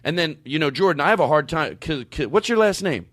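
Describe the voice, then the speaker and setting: A man's voice: fairly high pitch, animated, fairly quick, a bit bright, no room sound. A man hosting a podcast in casual chat, rambling with many restarts and fillers. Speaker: podcast host.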